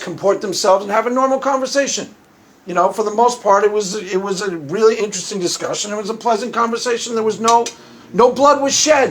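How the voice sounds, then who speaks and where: A man's voice: very high-pitched, a bit bright. A man commenting casually, joking and rambling, who often repeats his phrases. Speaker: YouTube commentator.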